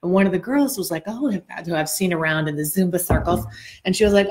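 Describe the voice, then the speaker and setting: A woman co-hosting a podcast, telling a story in a chatty, animated way and addressing listeners directly, a little out of breath. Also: on the low side, quick pace. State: slightly out of breath. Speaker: podcast co-host. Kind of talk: casual storytelling chat.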